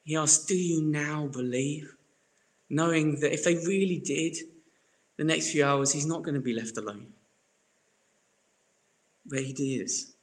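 A young adult man, preaching a sermon in an earnest way that swings between soft reflection and emphatic bursts. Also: fairly high pitch, measured pace, pauses often. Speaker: pastor.

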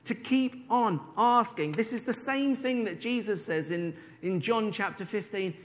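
Male preacher; high pitch, chatty sermon delivery with slow stressed words, reverberant hall. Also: a bit bright. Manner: conversational, drawn-out emphasis on key words.

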